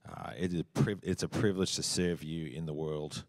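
A pastor praying a blessing over a couple, measured and halting. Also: male voice, rumbling low, fairly even intonation, dry recording. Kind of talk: spoken blessing prayer.

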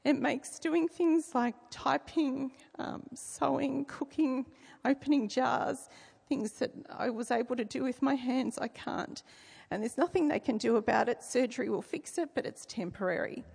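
A woman's voice: high voice, unhurried, vocal fry, a little mellow, slightly rough, long reverb tail. A middle-aged woman giving a personal faith testimony, speaking earnestly and reflectively with frequent hesitations.

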